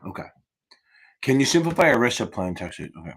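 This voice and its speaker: A man's voice: medium pitch, sing-song, fast, a little hiss or hum. A man hosting a live exam-prep Q&A stream, talking in a rambling, profane, cheerleading way. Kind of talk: livestream Q&A chat.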